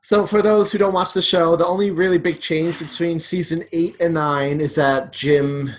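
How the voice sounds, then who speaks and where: A man's voice: on the high side, steady tone, moderate pace, slight background noise. A man co-hosting a casual podcast, recapping sitcom scenes and quoting lines in playful voices. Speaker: podcast co-host.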